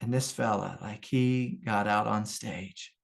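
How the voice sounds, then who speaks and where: A man's voice: lowish voice, unhurried, gravelly. A middle-aged man, a spiritual teacher, telling a story in an earnest, conversational way. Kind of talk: casual storytelling talk.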